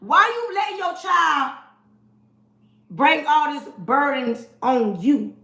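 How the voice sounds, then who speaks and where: A woman in her forties with a high voice delivers a forceful, preachy livestream rant and talks straight to her viewers. The recording has a roomy echo. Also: expressive, slow. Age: 40s. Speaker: livestream host. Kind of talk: casual livestream monologue.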